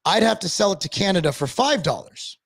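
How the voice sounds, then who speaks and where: Male co-host, higher pitch, blunt profane rambling delivery, dry close sound. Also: lively intonation, fairly quick, creaky, a bit bright, husky, no room sound. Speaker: podcast co-host. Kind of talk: casual chat.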